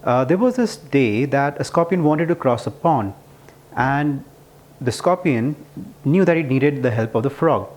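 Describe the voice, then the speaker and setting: A man's voice: mid-range voice, animated, unhurried, darkish tone. A man telling a parable to make a point about management, earnest and prone to restarts. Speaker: speaker explaining management ideas. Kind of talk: casual explanatory talk.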